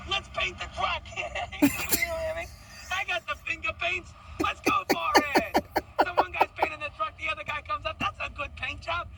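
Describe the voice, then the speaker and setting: A rambling Boston cab driver, as a man puts him on, chuckling through his stories in a high, gravelly voice. He sounds off-mic, with traffic noise around him. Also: level tone, moderate pace, distant mic. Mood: rambling, amused. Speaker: taxi driver. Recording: noisy street and traffic, off-mic.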